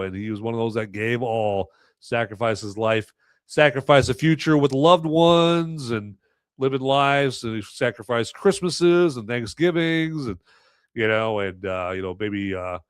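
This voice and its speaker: A man's voice: medium pitch, clear, resonant tone, no echo. A man hosting a live movie review podcast, talking in a rambling, sarcastic way with lots of fillers. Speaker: podcast host.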